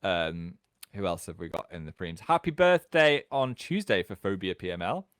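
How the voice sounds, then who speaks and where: A British man in his thirties hosting a casual livestream from home, chatting and reading out viewer comments in an animated way. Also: clear, resonant tone, no echo, clean studio sound. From England. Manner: chatty, animated, quick jumps in pitch. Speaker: livestream host.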